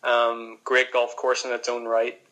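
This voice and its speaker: A young man with a Northern Irish accent, chatting casually as a podcast guest, relaxed with many restarts. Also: medium pitch, unhurried, muffled recording. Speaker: pro golfer guest.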